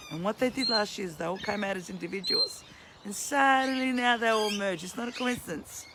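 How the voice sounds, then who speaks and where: An Australian vlogger and counsellor with a medium-pitched voice rants heatedly outdoors beside a duck pond, swearing and pleading as their strained voice starts to give out. Loud birdsong, quacking, and other outdoor noise fill the recording.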